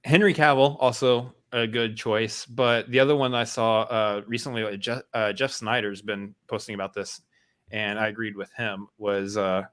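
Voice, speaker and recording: A man co-hosting a casual film podcast, his voice sitting fairly low. He rambles and restarts often, filling gaps with ums and uhs. He keeps it easygoing and self-deprecating. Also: steady tone, normal speed, fairly bright tone, smooth. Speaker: podcast co-host. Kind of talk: casual chat.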